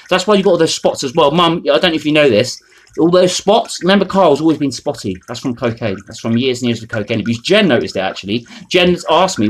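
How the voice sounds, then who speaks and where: A man, ranting to camera in a rambling, foul-mouthed, mocking way. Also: fairly high pitch. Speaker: vlogger. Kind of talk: unscripted rant to camera.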